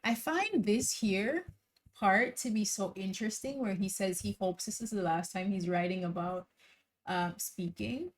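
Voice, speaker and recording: A woman hosting a reaction channel, thinking out loud in a casual, musing way with many fillers and pauses. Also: medium pitch. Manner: thoughtful, musing, trailing off with frequent laughs and fillers.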